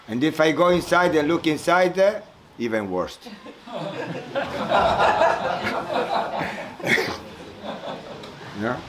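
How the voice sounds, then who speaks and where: A man giving a spiritual talk at a retreat, telling a folk story slowly and haltingly, searching for words and chuckling as he goes. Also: a little high, animated, background noise. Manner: halting, searching for words, many fillers and repeats. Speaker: spiritual teacher speaking at a retreat.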